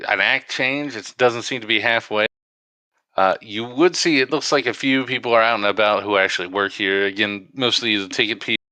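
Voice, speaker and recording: A man narrating as game master of a tabletop game, in a halting, stop-and-start way. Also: lowish voice, sharp tone, no echo.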